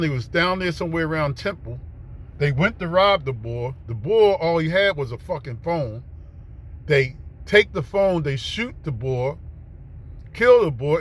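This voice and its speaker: A man telling a profane, slangy street story in a casual way, acting out what other people said. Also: fairly high pitch.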